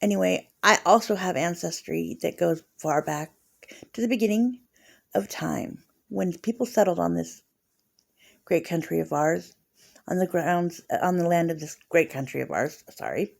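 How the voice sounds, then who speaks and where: A woman's voice: on the low side, normal speed, gravelly. A woman in her forties rambling emotionally through a casual vlog monologue. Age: 40s.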